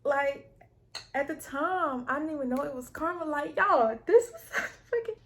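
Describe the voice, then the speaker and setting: Young female vlog host, slightly high voice, blunt and profane, relaxed storytelling. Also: a little slow. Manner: blunt, profane, streetwise talk. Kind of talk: casual storytelling chat.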